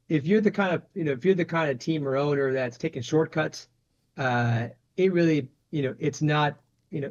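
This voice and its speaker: Chatty man, slightly muffled recording. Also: on the high side. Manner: conversational, frequent "you know" and "right?" tags. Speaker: private equity managing director, guest. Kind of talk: casual interview talk.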